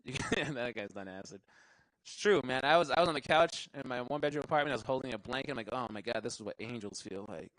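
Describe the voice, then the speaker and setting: A man's voice: medium pitch, animated, fast talker, fairly bright tone, no echo, rough recording. A young man doing a stand-up comedy set, rambling, cursing freely and laughing at his own jokes. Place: live show venue.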